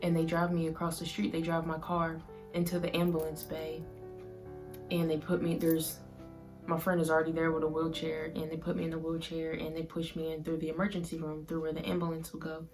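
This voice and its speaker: Low, flat-voiced woman telling a hard story. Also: over music. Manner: soft, halting, emotional retelling, filled with "like". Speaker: vlogger. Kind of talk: personal storytelling to camera.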